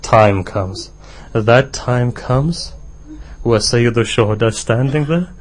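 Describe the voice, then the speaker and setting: A man's voice: mid-range voice, slow. A man giving an emotional sermon, speaking directly to the congregation and often raising his voice. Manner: impassioned, addresses the congregation directly; rises to a strained, raised voice at the climax. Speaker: preacher giving a mourning lecture.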